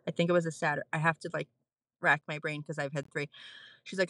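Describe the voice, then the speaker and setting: A woman's voice: on the low side, fairly quick, long pauses, a bit bright, dry recording. A woman in her thirties, a nurse, candidly telling a personal story in casual chat with frequent laughs. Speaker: podcast guest, postpartum nurse.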